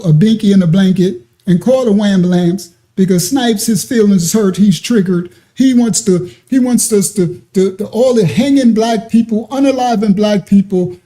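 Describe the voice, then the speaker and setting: Mellow-voiced host taunting chat trolls. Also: mid-range voice. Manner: mocking, taunting, laughs often. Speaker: livestream host. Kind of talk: livestream reacting to chat comments.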